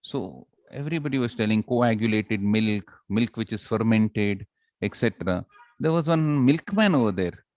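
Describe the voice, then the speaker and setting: A man's voice: lowish voice, moderate pace, no echo. A man giving a public speaking workshop, playful and quizzing his audience as he demonstrates. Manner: lively, playful, talks to the audience with questions and demonstrations. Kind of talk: live workshop talk.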